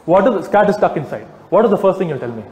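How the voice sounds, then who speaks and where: A man giving a persuasive talk to a live audience, animated and teasing, peppering them with rhetorical questions. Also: sits high, fast, a faint crowd. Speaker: speaker addressing a live audience. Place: large hall with audience. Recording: echoey hall, faint background noise.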